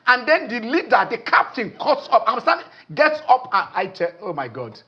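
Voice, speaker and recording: A Nigerian man hosting a sports phone-in show, excitable and repetitive, often trailing off mid-sentence. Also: extremely high pitch, normal speed, lo-fi sound. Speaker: sports talk show host. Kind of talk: animated phone-in sports talk.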